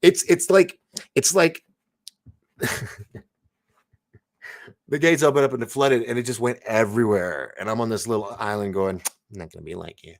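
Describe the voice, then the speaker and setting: Hosting a live online show, a man with a medium-pitched voice chats casually at normal speed, pausing often as he reads viewer comments. He rambles, interrupts himself, restarts and laughs a lot.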